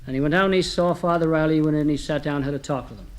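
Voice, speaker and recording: Deadpan joke-telling man. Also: fairly high pitch, very fast. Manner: deadpan one-liner delivery. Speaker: comedian. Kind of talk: comic storytelling.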